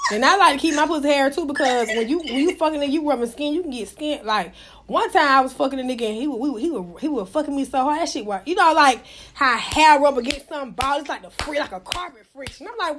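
A woman's voice: sits high, fast talker, background noise. A woman in her thirties telling frank, profane stories in casual chat, acting out what others said. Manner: blunt, profane, animated, acts out quotes.

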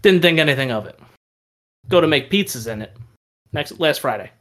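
A man co-hosting a casual podcast, telling animated stories with frequent laughter and casual swearing. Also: on the high side, fairly quick. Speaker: podcast co-host. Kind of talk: casual chat.

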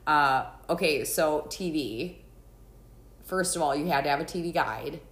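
Deep-voiced middle-aged woman cohosting a podcast, chatty, laughs a lot, roomy echo. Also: a little slow. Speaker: podcast co-host. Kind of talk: casual chat. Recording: echoey room.

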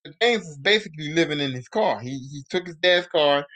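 High-pitched male podcast host, casual, cussing recap. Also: expressive, a little fast, a bit bright. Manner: profane, rambling slang.

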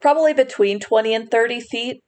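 A woman guiding a tabletop game as its game master. She describes each scene in loose, unscripted narration, pausing with fillers and restarting her sentences. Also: on the high side, a little mellow.

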